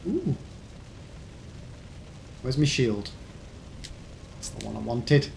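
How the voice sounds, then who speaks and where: A man's voice: mid-range voice, sing-song, extremely slow, gravelly, darkish tone, slight background noise. Chatty Black Country streamer man. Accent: Black Country English. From England. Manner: chatty, rambling, answers chat between game deaths. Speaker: streamer playing a video game. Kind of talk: casual live-stream chat. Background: game music.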